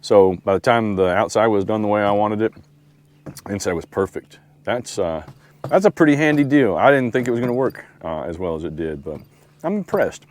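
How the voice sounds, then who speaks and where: A man's voice: lowish voice, lively intonation, brisk, a little mellow. A man, rambling casually in an outdoor camping vlog and talking to his dog. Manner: laid-back, rambling, talks to his dog. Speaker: outdoor vlogger. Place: outdoors at a lakeside campsite.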